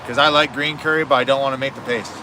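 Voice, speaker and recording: This live-streaming cook talks fast in a mid-range voice with fairly even intonation, chatting casually and swearing occasionally. He's outdoors at a home cookout, and background noise comes through.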